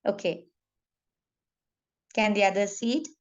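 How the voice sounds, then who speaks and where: A woman teaching a class over a video call, her voice sitting at a middle pitch. She talks in a steady explaining manner, full of hesitations and check-ins with the students. The audio comes through a bit dull and muffled. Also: measured pace. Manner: frequent fillers and checking questions. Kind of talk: online lecture.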